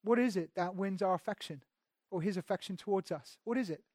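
This pastor preaches briskly in a fairly high voice, lurching from loud, emphatic lines to hushed, intimate passages. He often repeats or restarts his words. The recording is dry and close, without any room echo.

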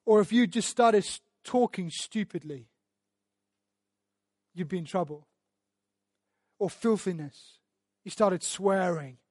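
High-voiced preacher, dry sound. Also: male voice, takes it slowly, pauses often, dry recording. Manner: earnest, stammers and repeats words, builds to loud emphatic passages. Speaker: pastor. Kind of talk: sermon; verse-by-verse Bible teaching.

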